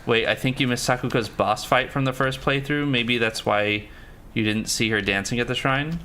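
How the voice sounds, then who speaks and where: A man's voice: medium pitch, normal speed, sharp tone, a little hiss or hum. A man streaming a horror game live, chatting casually with viewers, joking and swearing freely. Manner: loose, swears freely, jokey asides. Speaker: gaming livestreamer. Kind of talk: casual live game commentary, reading chat.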